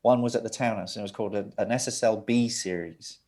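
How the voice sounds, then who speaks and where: A middle-aged man, a record producer telling laughing, lively anecdotes as an interview guest. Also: fairly low pitch, quick pace. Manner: lively, laughing, with restarts and asides.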